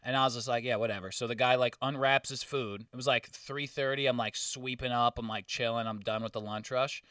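A young man tells rowdy, profane stories in a loose chat, acting out each person he quotes. His voice is bright and forceful. The sound is dry, with the mic set some way off. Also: mid-range voice, fairly quick, few pauses, clean tone, dry recording, distant mic. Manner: profane, animated storytelling with acted-out quotes. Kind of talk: casual chat.

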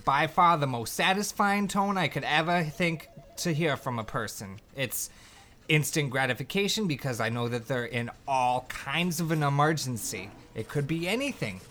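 A man giving gruff, crude, deadpan answers as an emergency call dispatcher in a comedy interview. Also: fairly high pitch, moderate pace.

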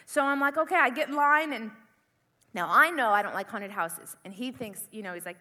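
A young woman delivers a sermon through a lively personal story and acts out her own panic. Her voice is high and bright, and it rings with the long reverb of a large hall. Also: brisk. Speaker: preacher.

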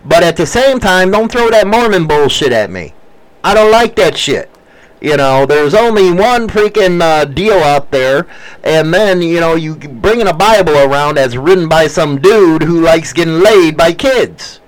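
A man hosting a casual talk show at home, telling crude, animated stories and swearing constantly. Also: fairly high pitch, a little slow, rough recording. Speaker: podcast host. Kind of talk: casual profane storytelling.

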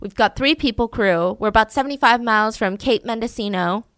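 A woman's voice: a little high, a little fast, fairly bright tone, clear, resonant tone, dry recording, clean studio sound, lightly acted. A woman voicing an offhand male sailor on a boat radio, who talks casually and hesitantly.

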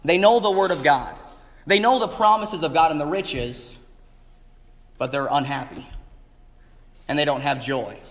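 A man's voice: fairly high pitch, measured pace, pauses often. A man preaching a sermon as pastor, emphatic and repeating phrases for emphasis. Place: church sanctuary. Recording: echoey church hall.

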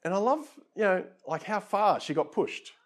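A man's voice: high-pitched, lively intonation, normal speed. Guy preaching a chill sermon, pokes fun at himself, keeps talking right to the crowd. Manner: casual, self-deprecating, lots of asides to listeners. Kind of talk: conversational sermon.

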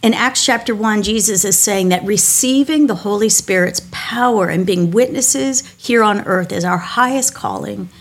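A woman's voice: medium pitch, normal speed, hardly any pauses. A middle-aged woman pastor giving a devotional talk, telling personal stories in a candid, self-deprecating way with small restarts.

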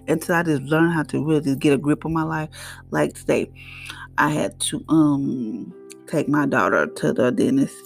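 Middle-aged woman podcaster preaching faith and hustle, gravelly edge, soft guitar behind her. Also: deep voice, normal speed. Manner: preachy, animated, emphatic. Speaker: podcast host. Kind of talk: faith-based motivational talk.

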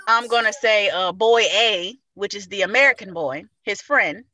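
A woman's voice: mid-range voice, moderate pace, bright, forceful tone, faint music behind. A woman co-hosting a casual podcast, retelling a funny video with lots of profanity and laughter. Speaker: podcast co-host. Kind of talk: casual chat, storytelling.

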